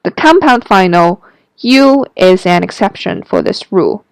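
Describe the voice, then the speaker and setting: Slow, clear-voiced woman teaching Mandarin. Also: mid-range voice, huge pitch swings, no room sound. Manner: models syllables slowly for the listener to repeat. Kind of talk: slow, careful language lesson narration.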